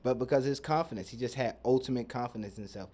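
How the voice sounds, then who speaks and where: A man's voice: medium pitch, fast, warm tone. A young man hosting a podcast, talking in a loose, profane, rambling and joking way. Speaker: podcast host. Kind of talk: casual chat.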